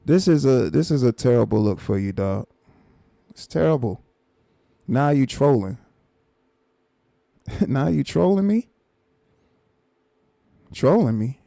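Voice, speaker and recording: A man with a gravelly, mellow voice reacts on a live stream, repeating himself in exasperated disbelief. His sound is dry and close, with no room around it. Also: mid-range voice, animated, slow, long pauses, no echo. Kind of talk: casual reaction commentary.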